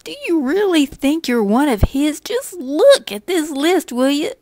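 A woman voicing a taunting, evil male imp who mocks and shouts. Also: high-pitched, big pitch swings, unhurried, dry recording, clean studio sound, voice pushed up. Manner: mocking, shouting, laughing.

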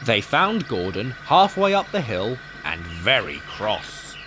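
Expressive man reading a storybook. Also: fairly low pitch, takes it slowly, noisy background. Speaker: narrator.

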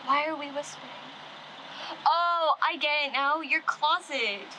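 Actress in her teens for a confident outspoken sophomore girl, high and blunt, noisy location sound. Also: measured pace, bright, forceful tone. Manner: teasing, blunt and self-assured. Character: bold outspoken teen girl, openly lesbian sophomore.

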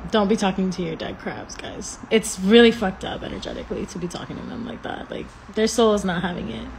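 A woman's voice: medium pitch, a little fast, vocal fry, few pauses, a little mellow, slight background noise. Rambling, foul-mouthed woman livestreaming. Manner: rambling, profane, laughs often. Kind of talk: casual livestream chat. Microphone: phone livestream.

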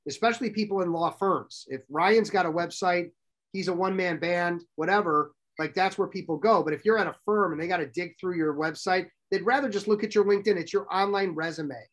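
A middle-aged man presenting a workshop to a live audience, brisk and direct, often asking the audience questions. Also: sits high, fairly bright tone.

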